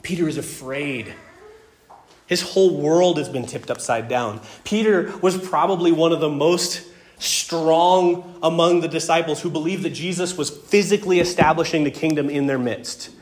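A male pastor delivers an earnest sermon and works through scripture passage by passage. His voice sits slightly high for a man. He repeats words when he stresses a point and drops into hushed tones on tragic moments. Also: normal speed. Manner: dramatic swings between loud emphasis and hushed tones.

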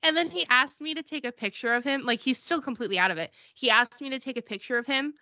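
A woman's voice: sits high, fast talker, no echo, muffled recording. A woman co-hosting a podcast, telling stories in a casual chat and acting out the people in them. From Connecticut. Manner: animated storytelling, acts out quoted people. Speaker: podcast co-host.

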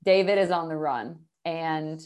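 A woman's voice: low-pitched, measured pace, a little mellow, smooth. Chatty woman podcast co-host. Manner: chatty, recaps the story with quoted asides. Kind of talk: casual chat.

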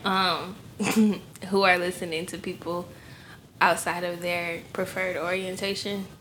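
A woman's voice: lowish voice, level tone, measured pace, a bit bright, a little hiss or hum. A woman co-hosting a casual podcast chat, playful, giggly and a bit hesitant. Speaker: podcast co-host.

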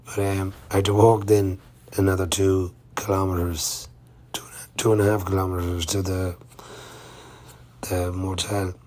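A man's voice: deep voice, little pitch movement, unhurried, pauses often, a little mellow. A man telling a rambling, chatty travel-diary story of his day on the road, full of fillers and restarts. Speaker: touring cyclist vlogger. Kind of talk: casual travel-diary narration.

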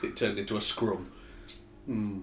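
A man's voice: fairly low pitch, fairly even intonation, a little slow, a bit bright. A man, co-hosting a casual chat and telling anecdotes with swearing and laughs. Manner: storytelling, swears, laughs often. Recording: echoey room.

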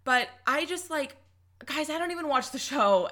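Young woman, bright, fairly high voice, heated swearing rant, podcast co-host. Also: animated, moderate pace. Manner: heated, ranting, swears often. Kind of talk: casual podcast chat.

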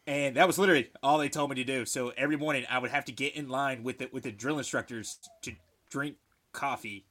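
A man telling a profane, animated story in casual chat. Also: medium pitch, fast talker.

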